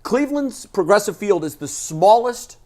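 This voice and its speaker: Animated man talking sports. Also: high voice, normal speed. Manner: animated, opinionated, stammers on restarts. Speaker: sports radio co-host. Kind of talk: casual sports talk.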